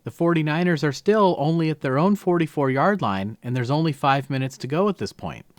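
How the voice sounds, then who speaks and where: A man's voice: on the high side, lively intonation, brisk, no echo. Man breaking down game film, dry close mic. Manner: explanatory, emphatic on key words. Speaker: football film analyst.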